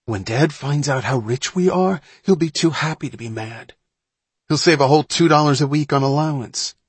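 A man voicing a bold older brother, a boy who talks in eager, hushed urgings. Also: fairly high pitch, moderate pace, husky, no echo, voice pushed up. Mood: coaxing.

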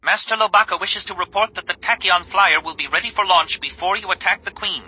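A man voicing a fussy, excitable little male droid in a prim, shrill chatter for an audiobook, with music underneath. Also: a little fast, husky, dry recording, full character voice. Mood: chirpy. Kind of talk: audiobook character voice.

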